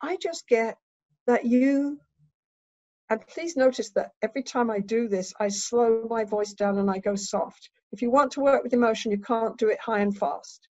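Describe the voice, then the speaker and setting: A woman's voice: fairly high pitch, fairly even intonation, moderate pace, hardly any pauses, dry recording, muffled recording. A woman therapist and trainer giving a teaching lecture, emphatic and instructive, often checking in with "right?".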